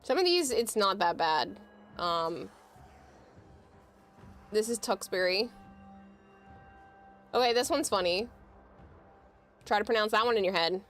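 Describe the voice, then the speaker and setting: A woman's voice: medium pitch, expressive, a little slow, long pauses, fairly bright tone, faint music behind. Chatty New woman streaming. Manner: chatty, explaining with amused laughs. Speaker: livestreamer. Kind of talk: casual livestream chat.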